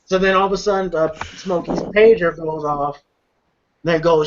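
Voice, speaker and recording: High voice guy recapping a movie with his buddies, swearing a lot, dull lo-fi sound. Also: normal speed, noisy background. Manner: loose, profane, laughs often and retells scenes. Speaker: movie reviewer. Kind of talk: casual movie recap among friends. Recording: dull lo-fi recording.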